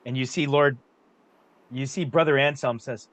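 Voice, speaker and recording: A man's voice: mid-range voice, fairly even intonation, normal speed, fairly bright tone, no room sound, poor audio. A man narrating a tabletop game as game master, talking casually with lots of fillers.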